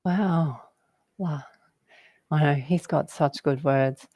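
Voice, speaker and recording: A woman's voice: low voice, slow, dark tone, dry recording. A woman talking casually about spirituality, rambling and laughing often as she jumps between word associations. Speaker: guest.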